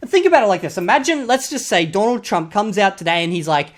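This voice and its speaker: Australian vlogger, mid-pitched, blunt and sweary; punctuates rants with "okay?". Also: very animated, quick pace. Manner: blunt and profane, repeatedly drops a prodding "okay?". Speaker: YouTuber critiquing online comments. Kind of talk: casual commentary.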